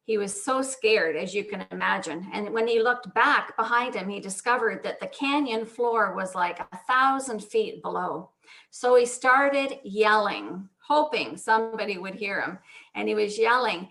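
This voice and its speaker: Slow, bright-voiced woman minister. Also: medium pitch, animated. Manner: warm storyteller, breaks off to fix screen sharing with soft laughs. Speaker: guest minister. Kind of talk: sermon over video call. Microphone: video call microphone.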